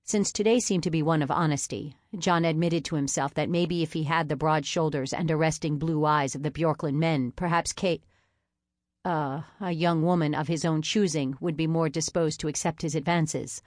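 A woman with a low voice reads a novel aloud in a measured, even manner. Her voice is close and dry, with no room sound at all. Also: dry recording. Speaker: audiobook narrator. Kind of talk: scripted narration.

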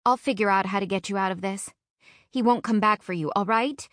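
A woman reading an audiobook and voicing an outspoken, protective young hairdresser friend, a bit higher and louder than her narration. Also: a little fast, no room sound, clean studio sound, natural voice. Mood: firm, comforting. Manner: brash, excitable, protective.

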